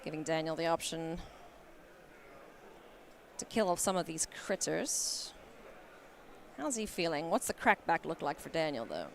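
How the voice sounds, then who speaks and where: A woman doing live card game commentary at a tournament, playful and quick to laugh. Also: creaky, a little hiss or hum. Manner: playful, laughs often, animated swings in pitch. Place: convention hall.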